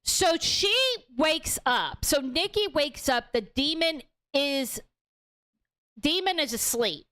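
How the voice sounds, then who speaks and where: A young woman hosting a casual livestream movie review, animated and outspoken, swearing freely as she recounts the plot. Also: sits high, takes it slowly.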